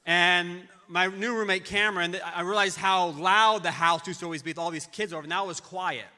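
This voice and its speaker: A middle-aged man's fairly high, very bright voice carries through a big church hall with a long reverb. He tells a personal tribute in stops and restarts. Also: steady tone. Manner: halting storytelling with many restarts. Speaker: friend giving a memorial tribute. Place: large church auditorium.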